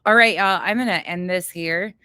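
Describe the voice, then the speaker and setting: A woman in a relaxed livestream chat with her viewers, talking in a chatty, blunt way and swearing freely. Her voice sits on the low side. The sound is dry and close, with little room to it. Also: normal speed, smooth, no room sound. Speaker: livestream host. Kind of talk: casual cooking livestream chat.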